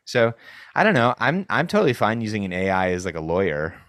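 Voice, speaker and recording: A man's voice: lowish voice, sing-song, fairly quick, a crowd in the background. A man co-hosting a podcast, chatting casually and rambling with many restarts. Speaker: podcast co-host. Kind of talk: casual chat.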